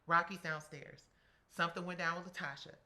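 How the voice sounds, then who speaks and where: A middle-aged woman telling a story as an interview guest, animated and blunt, acting out what others said. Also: on the low side, brisk. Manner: animated, quotes people in acted voices, swears freely.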